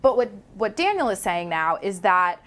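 A woman commentator explaining news on a talk show in a brisk, explanatory way. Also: medium pitch, very animated, fairly bright tone. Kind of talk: news discussion.

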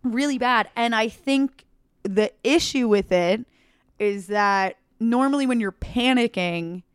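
A woman's voice: fairly high pitch, slow, clear, resonant tone, no room sound, studio quality. A young woman, a comedian, telling a story in casual talk and acting out the voices in it. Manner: animated, acts out voices in her story. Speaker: comedian guest.

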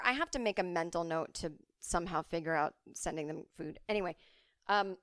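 A woman in her forties hosting a casual solo podcast from home, chatty and swearing freely with quick asides. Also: on the low side, bright, forceful tone, no room sound, studio quality. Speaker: podcast host.

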